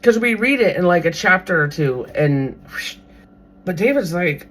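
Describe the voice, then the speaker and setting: Podcast host, husky and middle-pitched, animated casual retelling of scripture. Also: unhurried. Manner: animated, briefly acts out characters' thoughts. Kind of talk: casual Bible storytelling.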